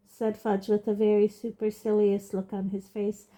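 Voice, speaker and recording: Mellow-voiced woman reading a novel. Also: medium pitch, little pitch movement, normal speed, hardly any pauses. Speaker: audiobook reader. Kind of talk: storybook narration.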